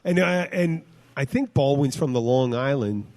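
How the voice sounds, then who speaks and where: Male bar podcast host, rambling and halting, loose with curse words, casual chat. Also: mid-range voice, darkish tone. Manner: rambling, halting, lots of fillers and restarts; swears freely.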